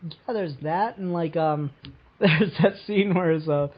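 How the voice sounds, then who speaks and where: A man's voice: a little high, measured pace, dull audio. A young man in casual film review chat, enthusiastic, laughing often, with lots of fillers. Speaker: podcast co-host.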